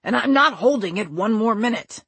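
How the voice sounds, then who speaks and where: Huge bald grump, husky and blunt, rises and falls a lot, as a woman reads him. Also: on the high side, lively intonation, moderate pace, a bit bright, no echo, heavily acted. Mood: defiant. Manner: blunt and exasperated. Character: huge bald gruff man, fed up. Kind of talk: audiobook character voice.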